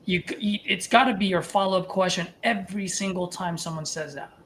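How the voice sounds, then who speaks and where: A man coaching a trainee, animated and casual, talking through sales feedback. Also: high voice, fairly quick, a little hiss or hum. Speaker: wholesaling coach and host.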